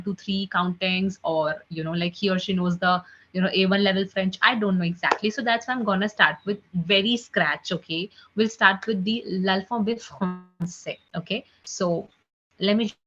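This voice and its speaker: A woman teaching an online French class, chatty with many "you know, like" fillers, drilling each sound slowly and repeating it. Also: mid-range voice, fairly even intonation, fairly bright tone, slight background noise. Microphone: computer mic on a video call. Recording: slightly dull lo-fi call audio.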